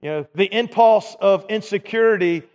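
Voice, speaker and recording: A man's voice: high voice, normal speed, a little mellow, highs cut off. A man preaching a conversational sermon in a church, with many restarts and fillers. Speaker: pastor. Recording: reverberant church hall.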